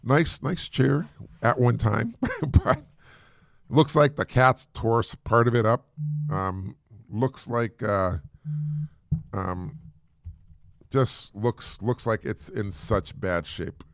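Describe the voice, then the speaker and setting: A man hosting a podcast, telling listeners a family story in a halting way with frequent restarts and repeated words. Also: mid-range voice, gravelly, no echo, clean studio sound. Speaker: podcast host, single father.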